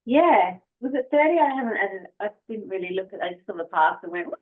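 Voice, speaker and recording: This Australian woman has a mid-range voice with lively intonation and talks a little fast. As a guest on a podcast, she chats about her dog in a casual interview, friendly, enthusiastic and soft-spoken, over audio that resembles a remote phone call.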